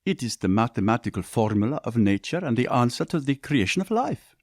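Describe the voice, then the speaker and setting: A man's voice: mid-range voice, brisk, dry recording, studio quality. A man voicing an eager, slightly defensive young inventor in a story reading. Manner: excited, a bit defensive. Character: bookish young inventor, eager and mildly testy.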